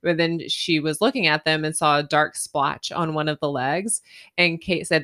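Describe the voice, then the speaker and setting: A woman podcast co-host telling a story in a chatty, animated way, often laughing. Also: deep voice, normal speed. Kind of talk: casual storytelling.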